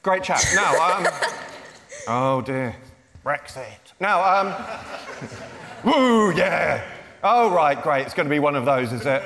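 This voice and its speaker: A man's voice: fairly high pitch, animated, takes it slowly, pauses often, bright, forceful tone. A man in his forties, a children's author, giving a playful, self-mocking comic talk to young fans. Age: 40s. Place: large lecture theatre. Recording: reverberant hall.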